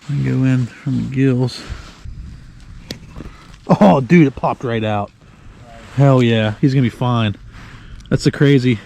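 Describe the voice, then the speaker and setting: A man vlogging while he ice fishes from a shelter, excitable and swearing casually, talking to his viewers. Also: medium pitch, unhurried, gravelly, long pauses, slight background noise. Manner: excitable, swears, says dude a lot. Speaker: fishing vlogger. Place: ice fishing shelter on a frozen lake.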